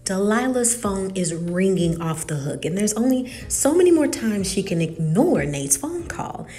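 A woman talks through a TV episode recap in a casual, animated way. Her pitch rises and falls a lot, and her tone is soft and mellow. Faint music plays quietly behind her. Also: a little slow. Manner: animated retelling with quoted dialogue. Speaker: TV recap host.

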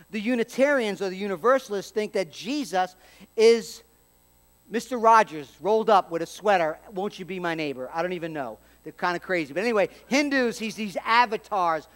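Man, pastor, sermon, high voice, loud-to-quiet swings, wry asides. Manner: dynamic preaching with wide swings between loud emphasis and quiet; humorous asides.

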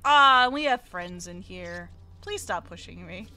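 A woman's voice: fairly low pitch, animated, measured pace, sharp tone, a little hiss or hum. A woman streaming a live let's play, talking in a cutesy, jittery way and often whimpering that she is scared.

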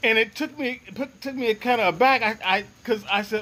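A man with a high voice, earnest and reflective as he recounts something that happened to him. He often pauses to search for words. A faint hiss sits behind him. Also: animated, fairly bright tone, low-quality recording. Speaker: guest sharing a personal experience. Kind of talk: first-person storytelling.

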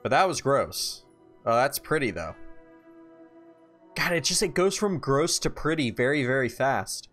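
A man casually commenting while playing a video game for the first time, reacting loudly to surprises and musing quietly in between, a bit tired. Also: medium pitch, a little slow, long pauses, faint music behind. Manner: reactive, swings from calm musing to excited shouts. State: tired, yawning. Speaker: gaming YouTuber. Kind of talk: casual let's-play commentary.

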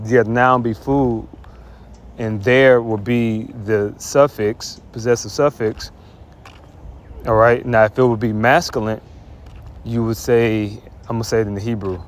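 A man giving an informal spoken grammar lesson, often restarting and repeating himself as he explains. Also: mid-range voice. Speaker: Hebrew teacher.

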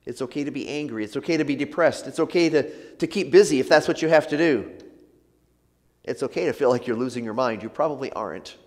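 A male pastor preaching a sermon in an earnest, gentle way, often letting his phrases trail off softly. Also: medium pitch, quick pace, big-room sound. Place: church sanctuary.

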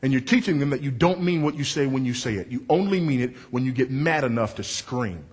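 A middle-aged man preaching a sermon with a big voice, emphatic and wry, dropping low and rising loud for effect. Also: expressive, brisk, husky. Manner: confessional and wry, working the crowd.

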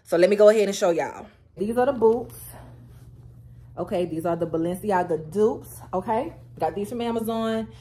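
A woman vlogger chatting to camera at home, animated and talkative, calling her viewers y'all, girl and baby. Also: medium pitch, normal speed, a little hiss or hum. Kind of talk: casual get-ready-with-me chat to camera.

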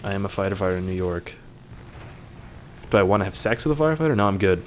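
A man's voice: deep voice, expressive, quick pace, slight background noise. A young man reading viewer questions aloud and answering them in a casual, joking way, swearing now and then.

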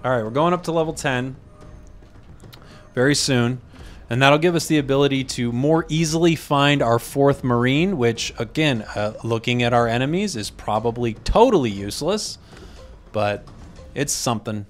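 A young man talks through his game in a loose, chatty way, breaking off mid-thought and muttering to himself. His voice sits at an ordinary middle pitch. Faint music plays underneath. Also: normal speed. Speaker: game commentator. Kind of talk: casual gameplay commentary.

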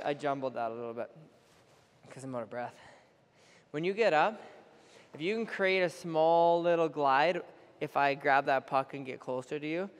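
A young man coaching a goalie on the ice, energetic and playfully teasing between drills, recorded in an indoor rink. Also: high-pitched. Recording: echoey rink with faint noise.

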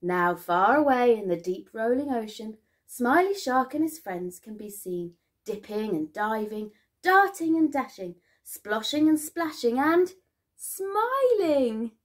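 A woman's voice: fairly high pitch, lively intonation, measured pace. Sing-song woman reading a children's story. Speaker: teacher. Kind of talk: children's story read-aloud.

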